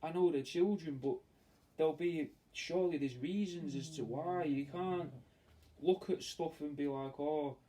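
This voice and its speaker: A man's voice: on the high side, measured pace, dark tone. Sweary man rambling at a distance. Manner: sweary, meandering, chatty. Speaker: taxidermist streaming to fans. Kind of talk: casual rambling chat while working. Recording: distant mic with faint ambient noise.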